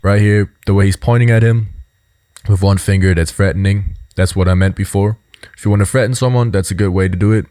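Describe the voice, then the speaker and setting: A man hosting a casual video commentary, explaining in a relaxed way with lots of fillers. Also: deep voice, brisk, no echo. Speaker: host.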